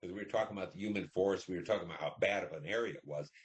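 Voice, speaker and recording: Very deep-voiced older man telling war stories. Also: rapid-fire. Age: 70s. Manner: rambling, blunt and profane, with many restarts. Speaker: veteran recounting war service. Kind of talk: oral history storytelling.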